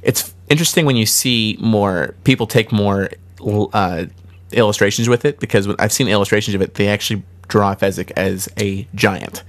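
A man with a very deep voice chats about a classic film on a podcast. He talks in a halting way and often restarts his sentences. The tone stays casual and conversational. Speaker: podcast co-host.

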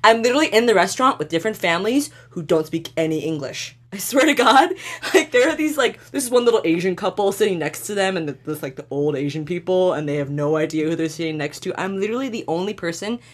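A woman on a podcast panel telling a story in casual chat, excitable, swearing casually and laughing through her words. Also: on the low side, fast talker.

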